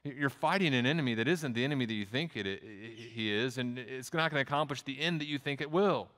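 Male Texan preacher, mid-pitched, chatty sermon delivery, long room reverb. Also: lively intonation, quick pace, a bit bright. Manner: conversational preaching with restarts and quoted asides. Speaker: pastor.

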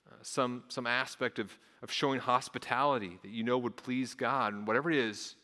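A man's voice: medium pitch, bright, forceful tone. Earnest man preaching in a reverberant hall. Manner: earnest, repeats words, acts out voices of onlookers. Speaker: pastor. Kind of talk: sermon.

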